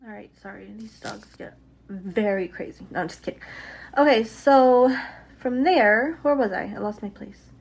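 A woman's voice: medium pitch, normal speed, creaky, husky. A young woman casually telling a true crime story at home, chatty and loose, swearing and spelling words out letter by letter. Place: home with dogs nearby.

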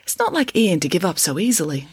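A woman's voice: lowish voice, sing-song, fast, breathy edge, no room sound, full character voice. A woman doing a timid, gloomy schoolgirl. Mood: worried. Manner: glum, sarcastic remarks.

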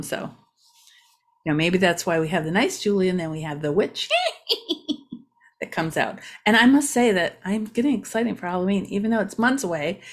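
A woman from Ohio hosting a casual local-news vlog, chatty and rambling with many asides. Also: mid-range voice. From Ohio, USA. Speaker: local community vlogger.

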